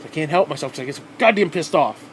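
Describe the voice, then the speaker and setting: Vlogger, male, voice sitting a bit high, furious profane rant, faint AC hum underneath. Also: animated, fast talker. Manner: heated, swearing constantly, restarting sentences. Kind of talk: angry profane rant to camera.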